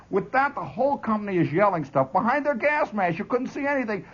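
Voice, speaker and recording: Brief: male radio host, lively monologue storyteller, husky edge, muffled 1970s broadcast sound. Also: high-pitched, fast talker, few pauses. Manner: animated, chuckling as he tells it.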